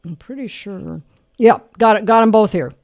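A late-night call-in radio host, a man with a notably high voice, moves briskly from caller to caller. He answers with quick affirmations and rattles off sign-offs at a studio mic. The sound is dry and close, with no room around it. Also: gravelly, darkish tone, no echo, lo-fi sound.

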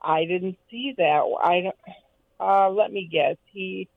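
A woman calling in to a radio show, rambling and halting as she searches for words. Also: medium pitch, gravelly, dry recording. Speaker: caller. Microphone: telephone. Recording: tinny phone line, dry.

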